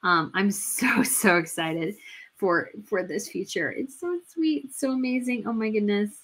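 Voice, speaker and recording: A woman's voice: medium pitch, a little slow, fairly bright tone. A woman hosting a casual livestream, gushing and chatty, with many fillers and restarts. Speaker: royal news livestream host.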